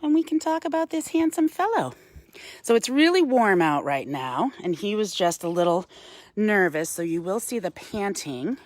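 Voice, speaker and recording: Lively woman guiding a live wildlife talk. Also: on the low side, no echo. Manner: explains calmly to viewers, coos softly to the bird between. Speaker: wildlife educator. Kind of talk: live-streamed educational talk. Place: outdoors on a woodland path. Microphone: handheld phone.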